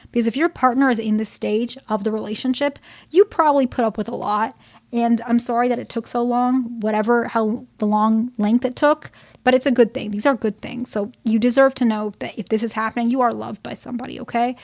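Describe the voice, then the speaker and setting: A young woman therapist talks straight to her audience in a casual, frank manner. Her voice sits a little high, and she keeps checking in with quick "okay?" and "right?" tags. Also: fairly even intonation, a little mellow. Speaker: therapist giving relationship advice. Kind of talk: casual advice talk to viewers.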